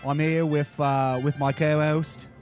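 A man putting on a crude, stammering British pub bloke, put-on British accent, slangy and boastful, fairly high voice, faint music behind. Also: flat delivery, measured pace, darkish tone, natural voice. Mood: blustering. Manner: stumbling, repeating words, crude slang. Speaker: podcast co-host.

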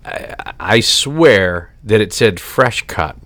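Teasing podcast co-host, dry sound. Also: male voice, on the low side, expressive, slow, bright, forceful tone, dry recording. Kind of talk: casual chat.

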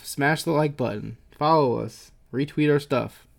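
Gravelly-voiced young man co-host. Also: fairly high pitch, expressive, unhurried, darkish tone. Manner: laid-back, teasing. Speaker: podcast co-host. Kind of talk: casual sports podcast banter.

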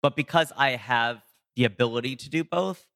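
In a casual interview recorded in a large hall, a male comedian and voice actor tells stories, using sudden jumps in pitch for emphasis. He speaks at a moderate pace, with vocal fry and a slightly bright tone.

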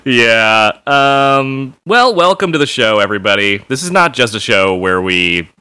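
A man's voice: mid-range voice, animated, measured pace, bright, forceful tone, clear, resonant tone, no echo. A man co-hosting a pop culture podcast, chatting casually and laughing often. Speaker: podcast co-host. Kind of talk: casual chat.

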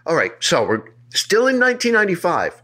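A man's voice: high voice, wildly swooping pitch, a little fast, bright, forceful tone. A man hosting a podcast, telling a creepy legend in a playful, joking way. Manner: playful, jokey, puts on silly voices. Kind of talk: casual storytelling chat.

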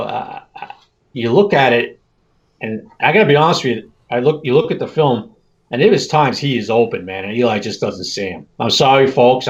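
A man's voice: medium pitch, muffled recording. A man co-hosting a sports podcast, talking frankly and casually with lots of "you know". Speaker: podcast co-host.

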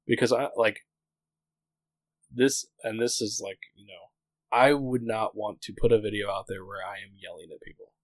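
A man's voice: lowish voice, fairly even intonation, normal speed, no room sound, poor audio. A man in his thirties, co-hosting a podcast, talking candidly in a rambling casual chat full of "like" fillers. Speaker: podcast co-host.

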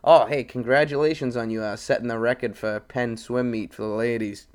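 A man's voice: mid-range voice, fairly even intonation, a little fast, smooth. A man co-hosting a podcast in crude casual banter, swearing and laughing often. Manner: profane, laughing, retells scenes with voices. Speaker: podcast co-host.

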